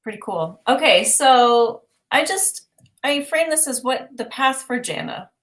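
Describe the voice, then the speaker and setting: A woman's voice: sits high, lively intonation, measured pace, fairly bright tone. Chatty upbeat woman giving readings. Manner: upbeat, chatty, many fillers and rhetorical questions. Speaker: intuitive art reader. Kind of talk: livestream reading. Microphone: livestream mic.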